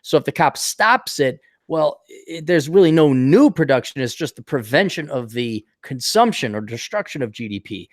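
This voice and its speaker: A man hosting a casual podcast chat, ranting with lots of swearing and animated storytelling. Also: medium pitch, moderate pace, hardly any pauses, dry recording, clean studio sound. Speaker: podcast host.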